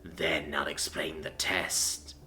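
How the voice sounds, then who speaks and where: A man voicing a gaunt, stern giant of a father in a storybook reading, with a hoarse, whispery voice and slow, grim delivery. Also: rumbling low, flat delivery, sharp tone, voice pushed down, heavily acted. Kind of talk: storybook narration.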